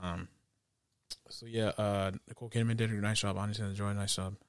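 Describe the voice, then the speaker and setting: A man's voice: on the low side, level tone, a little fast, smooth, dry recording, studio quality. A young man co-hosting a casual film review podcast, laid-back and laughing often, trailing off with fillers. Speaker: podcast co-host.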